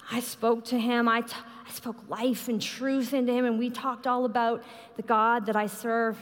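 Earnest woman preaching, echoing reverb. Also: gravelly. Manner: earnest storytelling, quotes others with raised pitch. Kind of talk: sermon testimony. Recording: long hall reverb.

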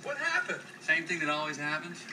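An actor playing a laid-back man with a slow Southern drawl, explaining to his buddies why he is ending things. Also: fairly high pitch, sing-song. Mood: exasperated. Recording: distant movie clip with water noise. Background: water and outdoor ambience.

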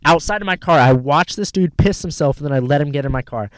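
A man in casual chat, telling a rambling story full of swearing and animated retellings of what people said. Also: on the high side, fast, smooth, no echo. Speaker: rideshare driver telling a story.

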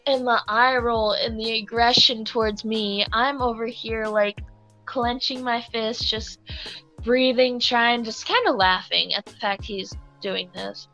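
Animated young woman telling a story. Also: fairly high pitch, a little slow, lo-fi sound, soft background music. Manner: animated, acts out customers, laughs at the story. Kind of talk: casual storytelling chat.

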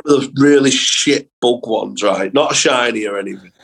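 A young man, a comedian guest on a podcast, telling animated school anecdotes in casual chat with plenty of swearing. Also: mid-range voice, moderate pace, gravelly, husky, low-quality recording.

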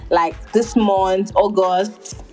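Slow-talking giggly young woman podcaster. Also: mid-range voice, fairly even intonation, mellow, soft background music, rough recording. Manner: giggly, heavy use of filler words, many restarts. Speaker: podcast host. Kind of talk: casual podcast chat.

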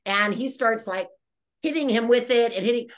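A woman podcast host telling a story in a rambling, animated way, full of fillers and restarts. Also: fairly high pitch, normal speed. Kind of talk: casual storytelling.

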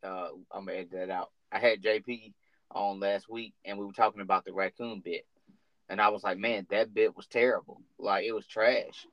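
A man hosts a podcast with a low voice and keeps the banter joking and laid-back. The recording is dry and a little dull and lo-fi, with no room sound. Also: steady tone, normal speed, no echo. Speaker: podcast host, comedian. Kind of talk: casual interview chat.

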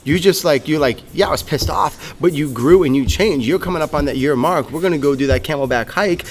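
A man's voice: a little high, fast. A young man, a coach, co-hosting a casual motivational podcast in a gym, fervent and swearing freely, repeating words when worked up.

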